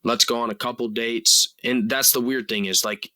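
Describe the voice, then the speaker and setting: Bright-voiced young man rambling earnestly. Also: mid-range voice, fairly even intonation, moderate pace, dry recording, poor audio. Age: 20s. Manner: earnest and rambling, full of "like" and "you know", casual swearing. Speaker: podcast host. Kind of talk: casual solo podcast monologue.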